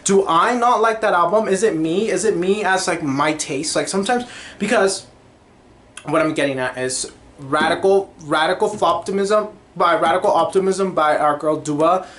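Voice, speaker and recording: A man's voice: high voice, moderate pace, a bit bright. A young man hosting a casual solo podcast, gushing and chatty, full of "like" fillers and sung snippets. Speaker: podcast host.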